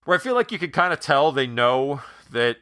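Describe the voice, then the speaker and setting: A man co-hosting a podcast in casual chat, retelling scenes with animated energy. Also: fairly quick, clean tone, dry recording, clean studio sound. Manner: animated storyteller, acts out quoted scenes at a much higher pitch. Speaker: podcast co-host.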